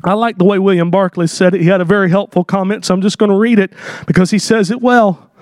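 A man preaching a sermon, impassioned, rising to shouts as he reads scripture in old-fashioned wording. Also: high-pitched, steady tone, fast, no echo, clean studio sound.

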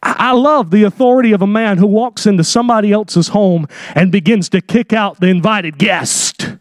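A man with a high voice preaches a sermon, heard dry and close with no room sound. His delivery is dramatic, and he acts out the people in his story and builds to shouted peaks. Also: normal speed, no echo.

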